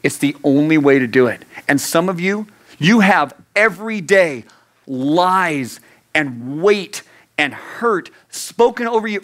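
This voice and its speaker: An earnest male youth preacher who drives his points home through repetition. He climbs into urgent emphasis, then drops to a hushed, close tone. His delivery stays direct and personal throughout. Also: sits high. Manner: earnest, swings from raised urgency to hushed intimacy; repeats phrases for emphasis. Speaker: youth pastor. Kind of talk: sermon.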